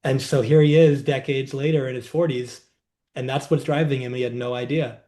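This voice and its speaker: A man, a guest healer and coach, telling client stories in a measured, reflective way in a podcast interview. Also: mid-range voice, steady tone, mellow.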